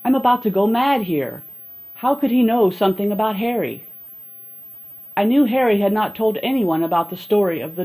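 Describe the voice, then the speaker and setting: A woman reading a horror-comedy audiobook as a steady first-person storyteller. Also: medium pitch, poor audio. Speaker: audiobook narrator. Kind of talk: scripted narration.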